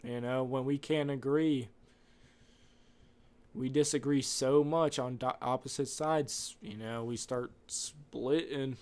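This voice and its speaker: Man, podcast host, rambling casual monologue, opinionated, mid-pitched voice. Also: fairly even intonation, slow, a little mellow, clean tone.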